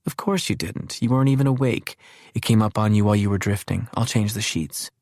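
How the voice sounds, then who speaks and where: A plainspoken young caregiver, brisk and teasing but kind, as a male narrator puts her on. The voice stays low and close, with a dry, dead sound. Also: a little mellow, no echo, natural voice. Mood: soothing.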